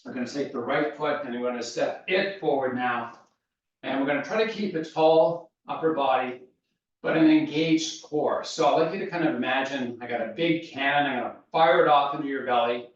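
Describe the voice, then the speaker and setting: A fitness instructor, out of breath, guides a workout with calm, steady cues in a mid-range voice at a fairly quick pace. The audio is dull and echoey, his voice coming from far off in the room.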